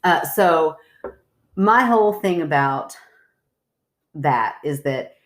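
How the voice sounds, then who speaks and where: A woman's voice: low voice, expressive, slow pace. A woman co-hosting a podcast as the skeptic, chatting casually in a blunt, teasing way.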